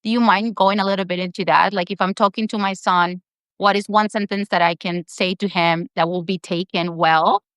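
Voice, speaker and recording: A woman's voice: medium pitch, fairly even intonation, moderate pace, fairly bright tone, no echo. A woman host asking questions in a casual chat and searching for her words as she goes.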